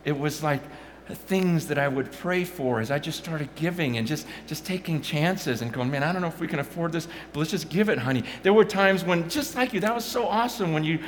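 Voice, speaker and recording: A middle-aged man giving a passionate Christian testimony, stumbling over restarts and swinging from loud bursts to hushed murmurs. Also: high-pitched. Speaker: Christian speaker. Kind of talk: personal testimony talk. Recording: long hall reverb, faint noise.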